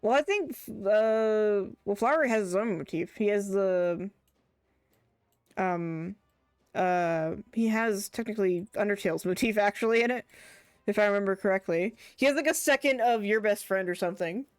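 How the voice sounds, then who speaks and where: A woman's voice: medium pitch, normal speed, no room sound, studio quality, faint music behind. A woman streaming a game, chatting casually, rambling and laughing often. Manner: rambling, laughs often, trails off mid-thought. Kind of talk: casual live-stream chat.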